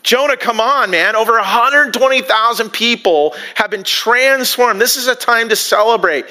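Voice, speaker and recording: Male pastor, high voice, bright tone, casual preaching style, voices quick asides. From United States. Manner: conversational preaching with restarts and acted-out asides. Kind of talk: sermon.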